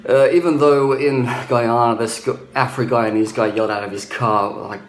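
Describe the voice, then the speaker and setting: A man's voice: medium pitch, fairly even intonation, moderate pace, few pauses, echoey room, soft background music, low-quality recording. A young man from Australia talking bluntly in a casual travel vlog, ranting and often restarting his sentences. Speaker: travel vlogger.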